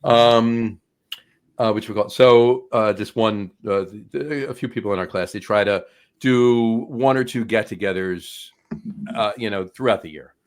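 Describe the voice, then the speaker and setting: A middle-aged man chats on a casual podcast with a fairly low voice. He rambles and circles back, filling gaps with hesitations as he hunts for words. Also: unhurried. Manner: rambling, many fillers and restarts. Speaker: co-host.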